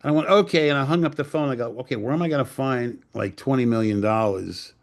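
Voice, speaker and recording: An older man from New York spins stories in a relaxed interview. He swears freely and drops into other people's voices as he quotes them. His voice sits at an ordinary middle pitch. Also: quick pace. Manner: profane, animated anecdotes with acted-out quotes. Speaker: screenwriter and director guest. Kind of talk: casual storytelling interview.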